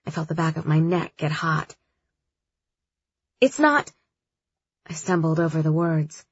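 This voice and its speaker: A woman giving first-person audiobook narration in a measured, steady way. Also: low-pitched, breathy edge, dry recording, highs cut off.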